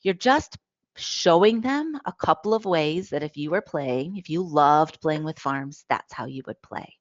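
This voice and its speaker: A woman with a low voice gives a lively, hands-on talk about play, showing toys as she goes and often checking in with "right?". The audio is dull and lo-fi, with a dry, close sound. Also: measured pace, no room sound. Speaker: presenter on play for young children, parent. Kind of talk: webinar talk with toy demonstrations.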